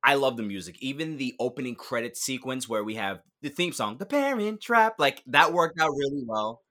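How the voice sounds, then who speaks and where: In a casual podcast conversation, this male co-host is animated and laughs easily. His pitch is medium.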